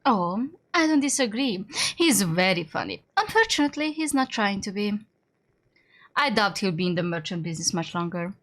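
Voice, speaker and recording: A woman's voice: mid-range voice, lively intonation, normal speed, fairly bright tone, voice pushed down, close to an everyday voice. Woman doing a suave teasing merchant man. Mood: wry.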